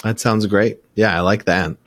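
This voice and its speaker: A man in his thirties talking on a podcast, rather low in pitch and recorded close and dry. He tells anecdotes with energy, laughing often and slipping into other people's voices. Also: moderate pace, no room sound. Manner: animated storyteller, laughs often, acts out quoted voices. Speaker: podcast host. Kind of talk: casual conversational interview.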